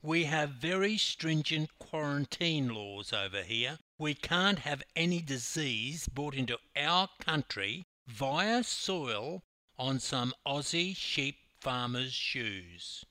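A man's voice: on the high side, animated, slow, pushed and bright, dry recording, voice pushed up, exaggerated voice. An older man voicing a stern, irritated male customs officer who talks curtly. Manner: curt, snapping, stiff.

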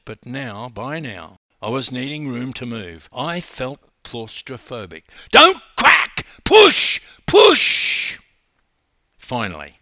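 A man's voice: medium pitch, no room sound. Man, coach-narrator, dramatic memoir delivery, dry close sound. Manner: animated, dramatic retelling that rises in intensity. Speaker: swimming coach.

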